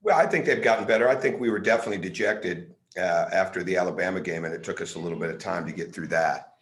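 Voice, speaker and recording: Low-pitched and quick, this middle-aged man speaks as a head coach taking press questions on a video call. He comes across as earnest and emphatic, often restarting a phrase and repeating words when he does.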